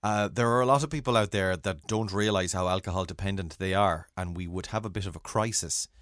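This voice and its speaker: A man's voice: low voice, brisk, fairly bright tone, no room sound, studio quality. An Irish man co-hosting a casual chat, teasing and often restarting his sentences. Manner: chatty, stumbling restarts, teasing. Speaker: podcast co-host.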